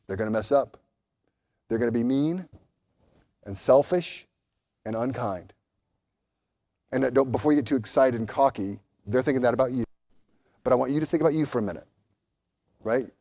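A pastor preaching a sermon, building to loud emphatic peaks and then dropping to a quiet, earnest tone, often repeating words as he goes. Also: medium pitch. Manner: impassioned, rising and falling emphasis, repeats words; addresses children directly at times.

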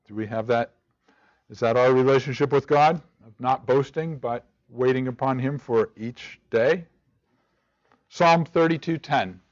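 Man, Bible study teacher, halting delivery, repeated questions, muffled recording. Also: medium pitch. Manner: halting, repeats and restarts words, asks rhetorical questions. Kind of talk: teaching a church study group. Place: room with a group of listeners.

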